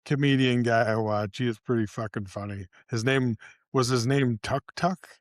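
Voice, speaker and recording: A man's voice: mid-range voice, steady tone, moderate pace, dry recording, clean studio sound. A man co-hosting a casual podcast, laid-back and joking. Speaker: podcast co-host.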